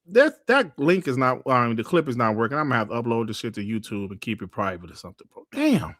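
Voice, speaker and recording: A man's voice: mid-range voice, expressive, fast, fairly bright tone, no room sound, clean studio sound. A man hosting a gaming podcast livestream in a casual, profane, laid-back way, grumbling at technical trouble. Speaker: podcast host.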